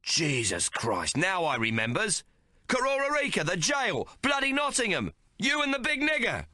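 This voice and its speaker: A man voicing an angry, coarse male gambler who yells and curses. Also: on the low side, animated, slow pace, slightly rough, dry recording, studio quality, exaggerated voice. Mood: furious. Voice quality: coarse, cursing. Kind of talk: audiobook character voice.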